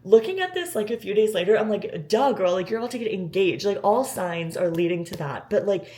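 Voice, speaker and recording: A woman's voice: mid-range voice, a little fast, mellow. A woman in her twenties tells a personal story in a vlog, emotional and near tears, with many filler words. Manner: emotional, gushing, close to tears. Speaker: vlogger.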